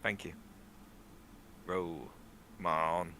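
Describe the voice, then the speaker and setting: A man's voice: low voice, steady tone, very slow, bright, forceful tone, a little hiss or hum. A man chatting casually as a player in a tabletop game, easygoing.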